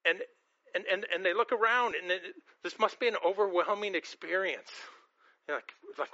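A man's voice: high-pitched, normal speed, bright, forceful tone, muffled recording. A man preaching a sermon as pastor, earnest, often repeating and restarting his words.

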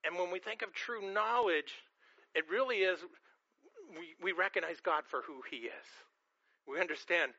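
Bright-voiced man preaching a casual sermon. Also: sits high, moderate pace, no echo, muffled recording. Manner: conversational, repeats and restarts words often; acts out quoted reactions in a changed voice.

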